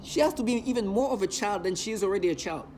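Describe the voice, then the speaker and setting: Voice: mid-range voice, racing, darkish tone, slight background noise. A vlogger ranting in an agitated, emotional monologue, hurling repeated insults.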